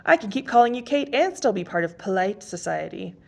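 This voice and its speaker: A man's voice: high-pitched, very animated, brisk, creaky, pitched above the performer's own voice, full character voice. A woman reading aloud and voicing a teasing, amused hooded male rider in a cheerful, mocking tone.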